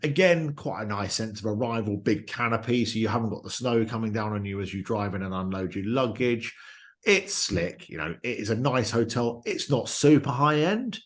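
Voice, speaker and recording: Guy on a podcast, lowish voice, chatty and excited about his trip. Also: normal speed. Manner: enthusiastic storytelling. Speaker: podcast host. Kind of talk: casual podcast chat.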